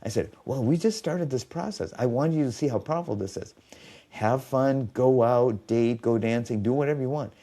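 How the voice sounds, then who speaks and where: A man's voice: medium pitch, moderate pace, dark tone. A man telling stories in a podcast conversation as a biofeedback specialist, acting out quoted dialogue.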